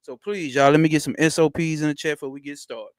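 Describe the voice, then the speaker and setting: A man hosting a casual livestream from home into a close mic, using loose, slangy street talk and a lot of swearing. He greets viewers by name and gets excited fast. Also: dry recording. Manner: swearing, excitable, jumps up in pitch when hyped. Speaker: livestream host.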